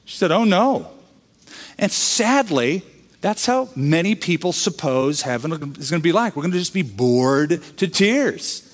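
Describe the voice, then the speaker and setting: Man, pastor, sermon, conversational preaching, slightly high voice, long hall reverb. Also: big pitch swings, unhurried.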